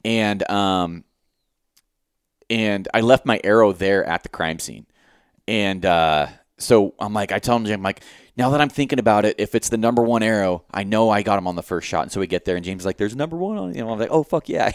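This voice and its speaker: A young man with a fairly low voice tells a story to his co-host in a loose, rambling way. He acts out what everyone said and swears freely. The recording is dry and close. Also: a little fast, clear, resonant tone, no echo. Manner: rambling, animated retelling with quoted dialogue and swearing. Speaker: podcast co-host. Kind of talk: casual storytelling chat.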